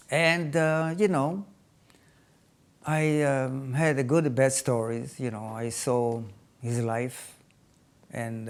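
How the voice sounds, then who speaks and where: An older man tells his life story in English, haltingly, with many restarts and phrasing. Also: fairly high pitch. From Israel. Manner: halting, non-native phrasing with frequent restarts. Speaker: interviewee.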